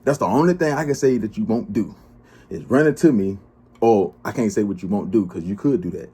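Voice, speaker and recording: A man's voice: lowish voice, animated, fairly quick, mellow, breathy edge. A man giving casual livestream commentary, trash-talking and laughing often. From Charlotte, US. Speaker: blogger and livestream host.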